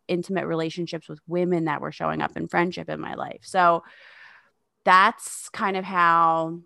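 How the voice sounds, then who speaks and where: Low, gravelly woman in her thirties. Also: a bit bright, no echo, studio quality. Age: 30s. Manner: frank, sarcastic, swears freely. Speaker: guest. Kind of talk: candid podcast conversation.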